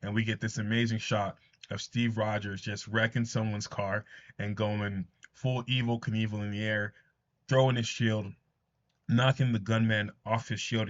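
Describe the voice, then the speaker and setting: A man with a lowish voice talks through a comic story in a relaxed, earnest way. He adds his own thoughts as he goes. The recording sounds dull and lo-fi. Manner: earnest retelling with asides. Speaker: comics commentator. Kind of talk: casual comic recap narration.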